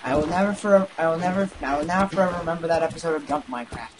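A man's voice: a little high, very fast, background noise. A man commentating on a horror game, sarcastic and jokey, swearing now and then. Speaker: gaming video host.

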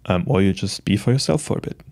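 A man in his late twenties talking to the camera in a casual, reflective monologue, gentle and halting, with many restarts and soft laughs. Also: low-pitched, animated, gravelly. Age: late 20s. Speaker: vlogger.

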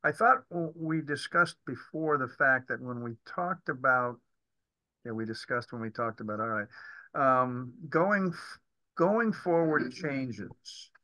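A man with a sharply bright, tense voice asks questions as a committee member on a video call. He speaks haltingly, searching for words, and his sound is dry and close with no room echo. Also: medium pitch. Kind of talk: remote committee meeting discussion.

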